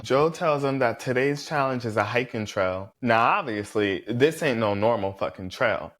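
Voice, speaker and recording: A man casually recapping a reality show episode, blunt and profane, with lots of "like" fillers and animated reactions. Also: lowish voice.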